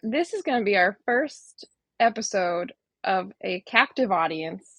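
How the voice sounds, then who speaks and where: A woman's voice: mid-range voice, expressive, measured pace, a bit bright, slightly rough, dry recording. A woman co-hosting a podcast, chatting casually in a blunt, joking way and laughing often. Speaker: podcast co-host. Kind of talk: casual chat.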